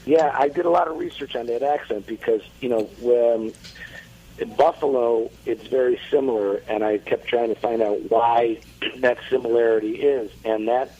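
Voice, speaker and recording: A man's voice: medium pitch, fairly even intonation, moderate pace, slightly rough, muffled recording. A man, an actor guest, chatting casually on a podcast and telling stories with many restarts. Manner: storytelling, chatty, restarts often.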